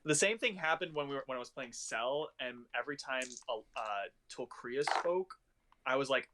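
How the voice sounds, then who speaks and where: Casting note: man, tabletop game master, bright tone, chatty and halting. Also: mid-range voice, animated, a little hiss or hum. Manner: loose, chatty narration with many restarts.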